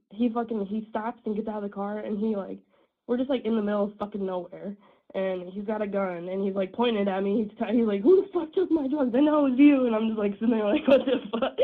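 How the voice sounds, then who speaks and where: A woman phones in while sick, and her voice sounds worn. She tells her story bluntly, with plenty of swearing and laughter. The line is thin and tinny, like a phone. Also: mid-range voice. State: sick, strained voice. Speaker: caller.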